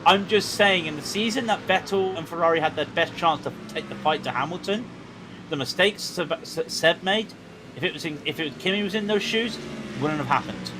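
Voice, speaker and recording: A man commentating on a sim racing stream, chatty and excitable with quick asides. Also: a little high, noisy background. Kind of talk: live race commentary chat.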